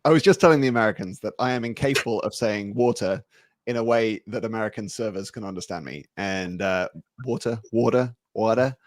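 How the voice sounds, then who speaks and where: A man's voice: fairly low pitch, brisk, no echo. A British man speaking as a webinar guest over a video call, dry and understated, with many small fillers. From Britain. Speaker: guest, company founder. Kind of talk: casual webinar chat.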